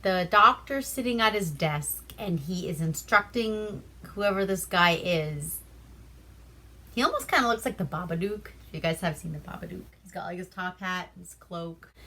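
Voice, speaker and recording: A woman's voice: on the low side, moderate pace, pushed and bright. A woman from Alaska casually retelling a movie plot in a loose, chatty way, swearing freely between fillers. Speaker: movie reviewer.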